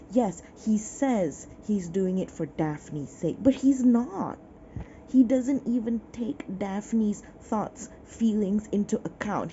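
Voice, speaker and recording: A woman's voice: medium pitch, mellow, a little hiss or hum. Sniffly, exasperated woman ranting from bed. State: sick and sniffling. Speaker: book vlogger. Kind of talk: casual reading vlog rant. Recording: dull lo-fi recording.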